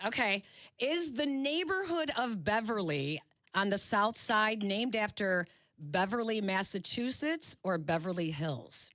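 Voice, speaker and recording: A woman hosting a sports radio show, quizzing a guest in a brisk, playful way. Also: medium pitch, animated, a bit bright, no echo. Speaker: radio host. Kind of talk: casual sports talk interview.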